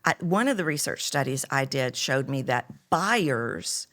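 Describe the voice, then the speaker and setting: A woman voice coach talking as a podcast guest, animated, telling stories and acting out other people's voices. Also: a bass voice, measured pace. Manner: animated storyteller, acts out voices. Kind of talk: conversational podcast interview.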